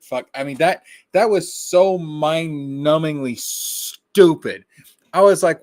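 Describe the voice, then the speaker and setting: A man in casual chat, ranting with animated, profane mock outrage. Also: fairly high pitch, takes it slowly, dry recording, studio quality. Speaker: podcast co-host.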